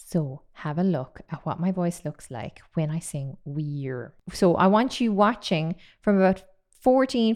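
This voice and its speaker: A woman's voice: on the low side, darkish tone. A woman in her thirties teaching a singing lesson in an enthusiastic, chatty way. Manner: enthusiastic, chatty, demonstrates sounds. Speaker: singing voice coach. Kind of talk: vocal technique lesson.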